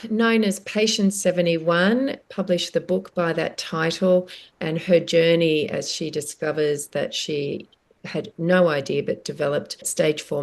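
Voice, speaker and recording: A woman hosting an interview podcast who responds gently and with empathy to her guest. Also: deep voice, gravelly. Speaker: podcast co-host. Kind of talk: conversational interview.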